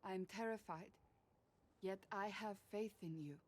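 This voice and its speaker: A woman's voice: medium pitch, measured pace, natural voice. A woman voicing a stern, devout female warrior in video game dialogue, speaking firmly and solemnly. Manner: firm and solemn.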